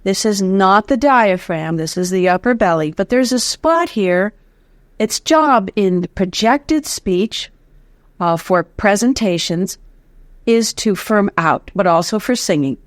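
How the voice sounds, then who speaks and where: Speaking slowly at a medium pitch, a female voice teacher talks about breath support and the vocal folds in an interview, with clean studio sound and no room tone. She demonstrates as she explains, stays lively, and counts aloud in her breath drills.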